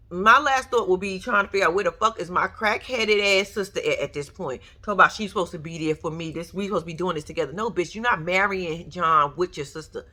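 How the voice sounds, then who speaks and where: A woman giving a blunt, profane, animated reaction commentary on a reality show, talking straight to her viewers. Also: lowish voice, a little fast, hardly any pauses.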